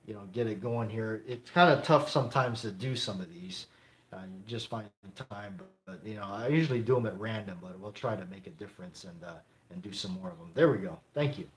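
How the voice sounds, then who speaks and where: A man hosting a casual live stream, answering viewer comments in a rambling way with many fillers and frequent chuckles. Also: fairly low pitch. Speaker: live-stream host of a gun channel.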